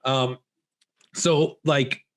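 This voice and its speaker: Male co-host, mid-pitched, easygoing rambling film recap. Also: extremely slow. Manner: relaxed, rambling recaps with filler words. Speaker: podcast co-host. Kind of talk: casual chat about a horror film.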